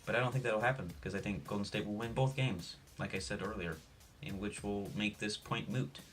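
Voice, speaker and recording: Young male vlogger, dry deadpan delivery, rambling jokey asides, faint background music. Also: lowish voice, brisk. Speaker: sports vlogger. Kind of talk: jokey sports preview monologue.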